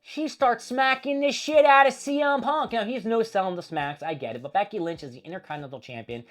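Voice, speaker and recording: A man hosting a show, recapping a wrestling feud in a casual, profane, animated storytelling manner. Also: high voice, brisk, faint music behind. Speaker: host.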